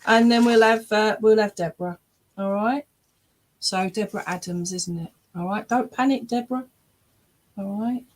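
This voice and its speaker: A woman's voice: mid-range voice, normal speed. An English woman, a spiritualist medium, giving readings at an online church service from her webcam, often checking in with "all right?" and "okay?". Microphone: webcam on a video stream.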